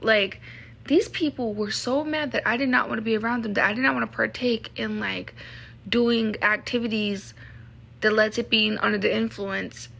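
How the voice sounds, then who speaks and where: Woman venting on her podcast, kinda high voice w a lot of vocal fry, super frank. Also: fairly even intonation, normal speed, fairly bright tone. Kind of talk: candid personal storytelling.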